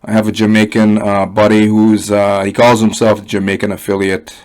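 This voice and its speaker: A man's voice: on the low side, monotone, fairly quick, darkish tone, smooth. Blunt, profane man ranting casually. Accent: Canadian. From Canada (Ottawa, Ontario). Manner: blunt, profane, rambling with many fillers. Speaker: online money reviewer. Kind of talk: casual unscripted rant.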